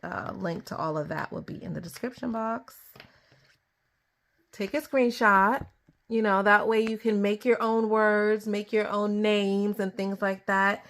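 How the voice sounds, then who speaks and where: A young adult woman giving a casual tarot reading to camera at her table, chatty and easily excited, laughing often. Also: medium pitch, unhurried. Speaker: tarot reader.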